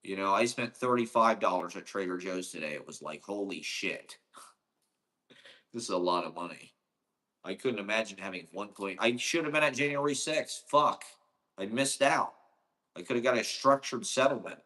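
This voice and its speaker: A man's voice: on the low side, lively intonation, fairly quick, bright, forceful tone. A man from Ohio delivering a casual, rambling monologue, profane and sarcastic.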